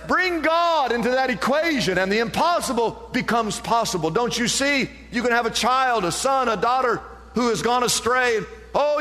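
A man preaching with real fervor, his voice pitched high and rising higher when he drives a point home. The sound carries a long reverb, as if from a large hall. It is an energetic sermon delivery. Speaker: pastor.

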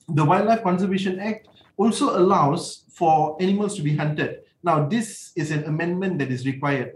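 Brief: man, lawyer guest, measured and explanatory, slightly high, roomy remote line with faint hum. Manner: measured, explanatory, sets out numbered points. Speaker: animal rights lawyer. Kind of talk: guest on a radio interview.

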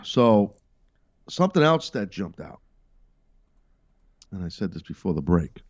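Blunt lively low-voiced man hosting. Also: a little slow, dry recording, lo-fi sound. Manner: emphatic, blunt and profane with sarcastic asides. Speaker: podcast host. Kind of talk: casual wrestling commentary.

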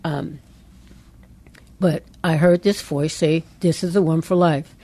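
A middle-aged woman co-hosting a call-in radio show, telling a personal testimony with lively storytelling and quoted voices. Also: deep voice, slow pace. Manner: animated storyteller, quoting voices she heard. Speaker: pastor's wife and co-host.

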